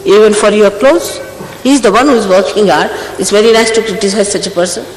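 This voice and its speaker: A woman's voice: medium pitch, fairly quick. A woman gives an earnest, scolding spiritual talk to her followers. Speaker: spiritual teacher. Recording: echoey hall recording, faint noise.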